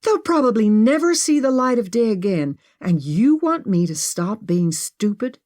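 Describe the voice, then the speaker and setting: A woman acting out a shouting young heroine. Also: medium pitch, animated, unhurried, voice pushed up, close to an everyday voice. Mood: furious. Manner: shouting, indignant. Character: angry young woman, stubborn treasure hunter.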